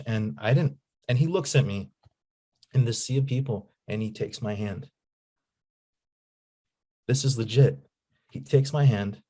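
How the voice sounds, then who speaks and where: A man telling stories in a casual interview as a guest, animated and slangy. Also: lowish voice. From United States. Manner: animated storyteller, slangy, says "man" and "you know". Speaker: guest, nonprofit founder.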